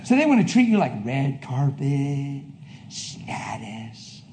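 A male preacher delivering a fervent sermon, swinging between shouted declarations and hushed, intimate asides. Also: medium pitch, sing-song, slow pace, slight background noise.

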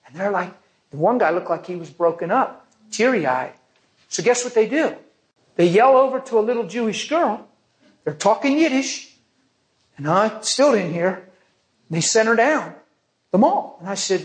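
Male preacher telling a testimony story, animated, acts out everyone. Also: extremely high pitch, normal speed, pauses often. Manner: animated, vivid storyteller acting out others.

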